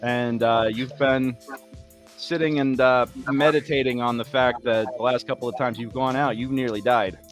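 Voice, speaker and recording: A man running a tabletop roleplaying game as game master, narrating scenes in a relaxed, descriptive way with lots of fillers. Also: mid-range voice, moderate pace, faint music behind.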